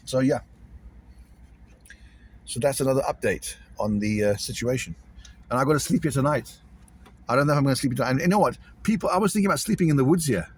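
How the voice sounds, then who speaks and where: A man's voice: mid-range voice, fast talker, long pauses, slight background noise. A man vlogging casually to camera, rambling and repeating himself in an uneasy way.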